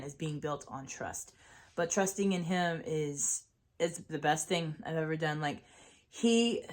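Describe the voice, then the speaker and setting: A woman's voice: fairly low pitch, fairly bright tone. A young adult woman hosting a podcast, talking earnestly and casually about her faith and trust in God. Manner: earnest, conversational, preachy at times. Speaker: podcast host. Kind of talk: faith-based personal talk.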